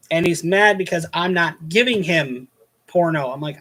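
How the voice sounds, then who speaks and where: A man's voice: on the high side, a little slow, sharp tone. A man hosting a casual show, telling a rambling, exasperated story about a pushy guest at his hotel night-desk job, with many restarts.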